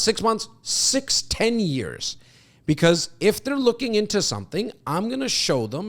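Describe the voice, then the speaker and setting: Podcast host, man from Canada, lively swooping delivery, chatty and informal. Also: sits high. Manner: animated, talks in loose restarts. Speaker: podcast host and real estate agent. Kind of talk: casual podcast answer.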